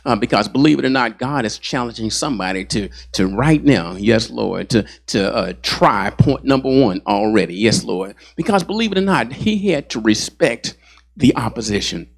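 A man's voice: medium pitch, animated, normal speed, gravelly. A man, a pastor, preaching a sermon and punctuating his points with "yes, Lord" and "hallelujah.".

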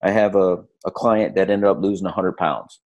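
A man's voice: low voice, moderate pace, highs cut off. A middle-aged man talking in a casual podcast conversation as a lifestyle coach, telling stories and acting out quotes. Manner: animated storyteller acting out quotes.

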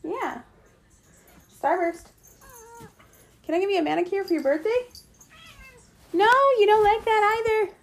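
A woman's voice: very high voice, unhurried, creaky, long pauses, a little mellow, slight background noise. A woman hosting a podcast who talks in coaxing baby talk to her pet cat, asking it sing-song questions. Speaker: pet owner and podcast host.

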